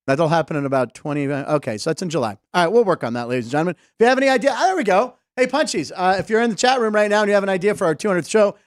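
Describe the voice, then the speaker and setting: Man, podcast host, fairly high voice, dry close sound, casual jokey banter. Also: no room sound. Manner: jokey, rambling, quick asides. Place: studio desk.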